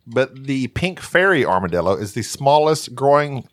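A man's voice: medium pitch, big pitch swings, moderate pace, no room sound. A man from Texas with a Southern accent, playfully reading out trivia and joking as a podcast co-host. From Texas, USA. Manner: playful, laughing, reads trivia aloud. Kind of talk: casual chat.

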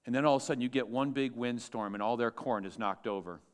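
A man's voice: medium pitch, fast. A man pastor preaching a sermon to his church, emphatic and asking the congregation questions.

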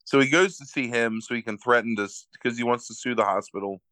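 A man of ordinary pitch with a bright, crisp edge to his voice, heard dry and close with no room around him. He retells a story in loose casual chat, stacking fillers and correcting himself mid-sentence. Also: fast, dry recording. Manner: rambling, filler-heavy retelling with frequent self-corrections. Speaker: podcast co-host recapping a movie.

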